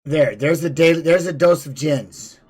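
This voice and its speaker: Guy rambling thru funny stories, kinda high voice, gets loud n animated. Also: normal speed, a little hiss or hum. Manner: rambling, animated storytelling with laughs. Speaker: podcast host and former fighter. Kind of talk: casual chat and storytelling.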